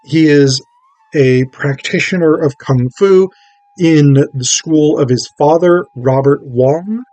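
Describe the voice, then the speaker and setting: Slow, rambling man with a dry sound. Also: fairly high pitch, darkish tone, no room sound, rough recording. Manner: rambling, filler-heavy, wry. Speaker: film reviewer. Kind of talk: casual film summary.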